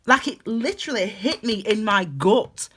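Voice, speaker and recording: A woman's voice: mid-range voice, animated, normal speed, fairly bright tone, slight background noise. A woman giving a casual spoken tarot reading, rambling and heartfelt, with frequent laughs. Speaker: tarot reader.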